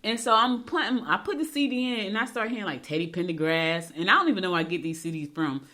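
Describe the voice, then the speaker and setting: A middle-aged woman hosting a horoscope segment, giving chatty advice and telling quick storytelling asides. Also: fairly low pitch. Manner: talks fast when excited. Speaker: radio show host. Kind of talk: casual horoscope segment with chat.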